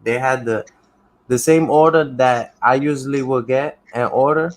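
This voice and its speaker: A man's voice: medium pitch, fairly even intonation, moderate pace, low-quality recording. A man in a casual chat who tells a story in a laid-back way and keeps checking in with his listener.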